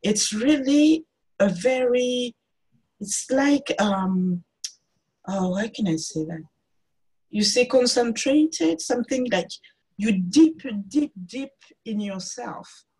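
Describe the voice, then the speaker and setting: A woman's voice: a little high, slow pace, a little mellow, breathy edge, rough recording. A woman artist speaking as a guest on a video-call interview, thoughtful and searching for her words. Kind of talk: reflective interview talk.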